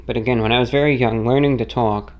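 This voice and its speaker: A man's voice: mid-range voice, steady tone, fast, muffled recording. A man from the United States with a faintly non-rhotic American accent, answering a listener question as host in a rambling, self-correcting story. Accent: American with a mildly non-rhotic, slightly British-like lilt. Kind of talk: casual monologue.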